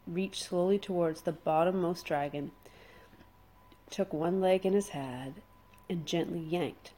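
A woman reading a children's adventure story aloud, dramatic and slowing down for suspense. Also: lowish voice, darkish tone. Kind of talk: expressive storybook read-aloud.

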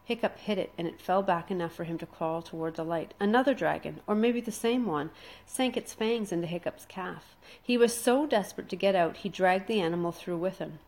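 Woman narrating a kids book, lowish voice, dramatic pauses. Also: darkish tone. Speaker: storyteller. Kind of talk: expressive storybook read-aloud.

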